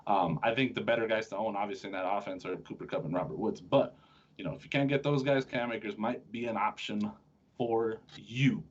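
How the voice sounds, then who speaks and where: A man's voice: lowish voice, fairly even intonation, a little fast, a little hiss or hum. A man hosting a sports podcast, chatting casually and joking with his co-host, often restarting his sentences. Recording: dull lo-fi sound.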